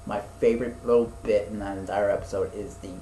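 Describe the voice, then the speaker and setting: A man's voice: lowish voice, steady tone, fast, mellow, roomy sound, a little hiss or hum, rough recording. A young man chatting casually as a podcast co-host, rambling with lots of fillers, restarts and swearing. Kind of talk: casual chat.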